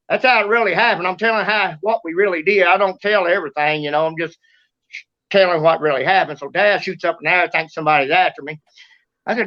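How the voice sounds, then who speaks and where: A man with a Kentucky Southern accent telling a story as host, excitable and drawling, acting out sounds and shouts. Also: sits high, quick pace, dull audio. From Kentucky, USA. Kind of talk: animated storytelling.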